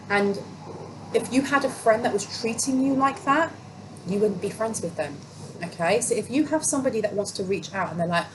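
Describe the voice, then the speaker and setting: A woman giving a casual tarot reading, talking in a chatty, emphatic way and repeating phrases for stress. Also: mid-range voice. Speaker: tarot reader. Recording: steady background noise.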